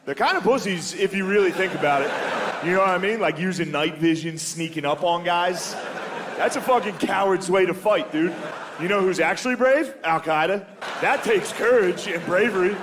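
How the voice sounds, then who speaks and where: A man's voice: high voice, normal speed. Crude, conversational male stand-up comic. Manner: loose, crude, conversational, peppered with "dude". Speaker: stand-up comedian. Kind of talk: stand-up comedy set. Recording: live club with audience noise.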